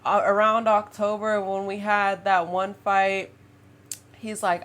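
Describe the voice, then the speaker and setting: In a casual storytime vlog, a woman in her twenties recounts a dating story, chatty and animated, laughing often and calling her viewers "y'all" and "girl." Her mid-range voice takes its time.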